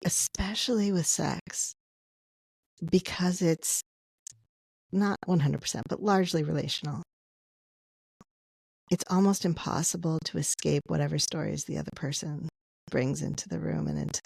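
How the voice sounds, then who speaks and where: A woman's voice: low voice, creaky, mellow, no echo. A woman author, a guest on a podcast, explaining her ideas at length in casual conversation. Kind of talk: casual interview chat.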